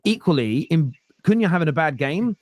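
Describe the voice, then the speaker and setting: A man hosting a casual football fan podcast, talking in an animated way and often tripping over his words. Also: a little high, moderate pace, dry recording. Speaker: podcast host.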